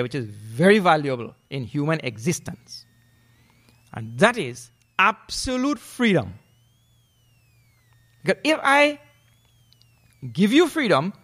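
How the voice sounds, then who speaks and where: A man giving a scripture discourse as a spiritual teacher, animated, with questioning tags and chanted verse. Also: medium pitch, gravelly.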